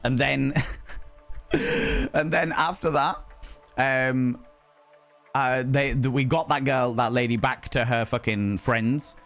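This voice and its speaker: A man's voice: medium pitch, takes it slowly, pauses often, faint music behind. Swearing man telling a night-out story. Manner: swears freely, animated retelling with quoted voices. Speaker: streamer. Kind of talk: casual storytelling chat.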